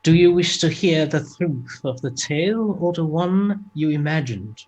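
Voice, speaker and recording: A man's voice: a little high, expressive, measured pace, darkish tone, poor audio. A man voicing a formal, dry-witted traveling companion. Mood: wry.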